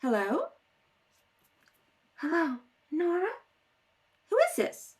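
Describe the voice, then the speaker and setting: A woman's voice: very high voice, wildly swooping pitch, slow pace, noisy background, heavily acted. A woman voicing a caring wife in a rehearsal of a radio play, read at a kitchen table. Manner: coaxing, sympathetic. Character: caring wife, gently persuasive.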